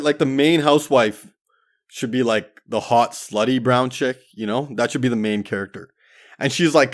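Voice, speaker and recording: A man from Canada hosting a podcast, delivering a profane, rambling, self-mocking comedic monologue. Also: mid-range voice. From Surrey, Canada. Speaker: podcast host.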